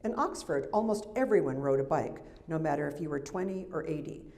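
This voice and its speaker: Low, mellow-voiced American woman reading. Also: animated, brisk. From United States. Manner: wry, chatty asides between passages. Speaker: memoir author. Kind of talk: reading from a memoir to an audience. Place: festival reading event. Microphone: microphone.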